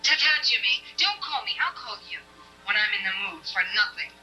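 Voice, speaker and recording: A sardonic young woman from a 1970s film drama. Her bright voice carries a dry, sarcastic bite. She throws off wisecracks without missing a beat. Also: on the low side, normal speed, soft background music, rough recording.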